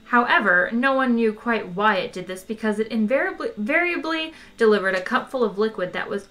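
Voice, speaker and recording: A woman reading a novel aloud, expressive and unhurried. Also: fairly high pitch. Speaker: audiobook reader. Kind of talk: storybook narration.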